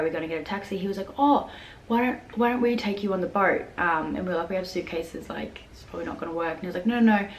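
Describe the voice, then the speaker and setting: A young woman tells a story in a chatty vlog, peppering her talk with "like" and acting out what others said. Her voice sits a little low. The room is echoey, with a faint hum of noise behind her. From Australia. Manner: chatty, lots of "like" fillers, acts out quotes. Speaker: vlogger.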